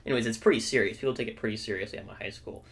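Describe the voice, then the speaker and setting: A young male podcast co-host tells a story in a relaxed, lively way, often checking in with his listener. His voice sits on the low side and he races along.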